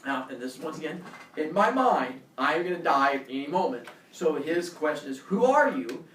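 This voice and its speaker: A male teacher telling a personal story to his class in a lively way, acting out scenes with shouts and voices. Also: on the high side, a little fast, background noise. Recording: echoey room, mic far off.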